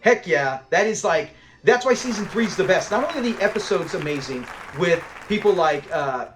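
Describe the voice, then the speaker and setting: A man's voice: high-pitched, animated, moderate pace, a crowd in the background, noisy background. A man hosting a casual episode breakdown, talking in an enthusiastic, rambling fan style. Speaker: host of a show-review channel.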